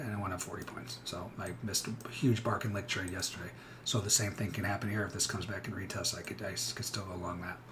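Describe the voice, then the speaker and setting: A man's voice: mid-range voice, a little hiss or hum. A middle-aged man hosting a live trading stream, talking bluntly and energetically with frequent restarts.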